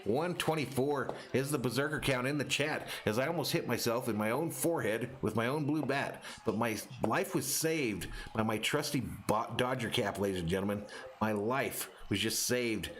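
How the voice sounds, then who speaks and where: A man hosting a live fan play-by-play stream, calling the game and reading chat messages with excitable energy. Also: mid-range voice, moderate pace, a little hiss or hum. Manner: excitable, rises sharply on big plays.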